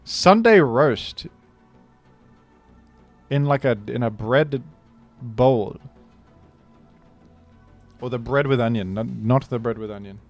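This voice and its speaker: A young man jokes and rambles his way through a live game stream, with soft music playing in the background. His mid-range voice is animated and slow, broken up by long pauses, and he exclaims loudly whenever something surprises him.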